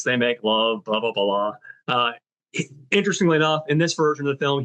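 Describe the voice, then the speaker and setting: A man's voice: mid-range voice, fairly bright tone. Chatty man retelling a film plot. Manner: chatty retelling, many fillers, mimics characters' lines. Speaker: podcast host. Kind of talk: casual film review.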